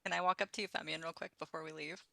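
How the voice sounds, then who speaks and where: A woman's voice: low voice, steady tone, racing, vocal fry, bright, forceful tone. A woman playing in a tabletop game, talking casually and laughing easily. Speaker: player.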